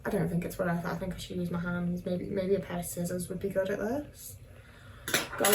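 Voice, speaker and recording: Young woman rambling at home while cooking, kinda self-mocking, mic a bit far off, faint room hum. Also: mid-range voice. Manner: chatty and self-mocking, with constant tag questions. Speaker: vlogger. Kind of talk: casual cooking vlog chat.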